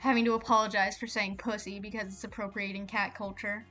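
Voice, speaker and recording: A woman's voice: mid-range voice, flat delivery, pushed and bright, soft background music. A woman streamer chatting casually and jokingly while reading a visual novel aloud. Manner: rambling, joking, fast with fillers.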